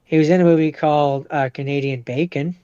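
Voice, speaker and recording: A man's voice: on the high side, steady tone, fairly quick, mellow, clean tone, dry recording, muffled recording. A man co-hosting a casual podcast chat, hesitant and full of fillers and restarts. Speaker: podcast co-host.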